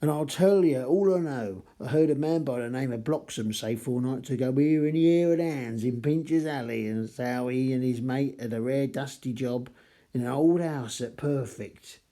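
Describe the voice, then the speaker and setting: A man's voice: medium pitch, moderate pace, mellow, natural voice. A man reading aloud as a working-class male tradesman, hearty and obliging. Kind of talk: reading a novel's dialogue aloud.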